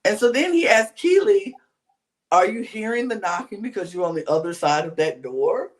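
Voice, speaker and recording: Podcast cohost telling the story all animated, voice jumps up and down a lot, slips into whispers to act people out. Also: medium pitch. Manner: animated storyteller acting out other people's lines, often in whispers; colloquial, drawn-out exclamations. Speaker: podcast co-host. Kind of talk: casual reality-TV recap chat.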